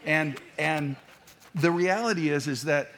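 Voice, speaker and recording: A man's voice: a little high, a little slow, fairly bright tone. Man preaching a conversational sermon. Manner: conversational preaching with asides and restarts. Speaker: pastor.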